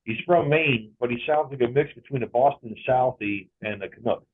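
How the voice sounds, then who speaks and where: A man with a husky, slightly rough voice, chatting casually and trading quips. The sound is thin and tinny, like a phone call. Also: medium pitch, fairly quick. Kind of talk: casual chat.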